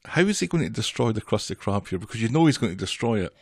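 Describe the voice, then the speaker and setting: A man co-hosting a podcast, recapping a cartoon episode in casual chat and cutting in quickly with matter-of-fact comments. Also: fairly low pitch, sing-song, vocal fry, husky, no echo, studio quality. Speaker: podcast co-host.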